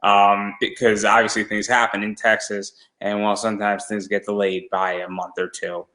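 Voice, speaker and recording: A man's voice: lowish voice, flat delivery, normal speed, sharp tone, low-quality recording. A man hosting a casual interview, talking in a rambling, hesitant way with many restarts. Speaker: podcast host.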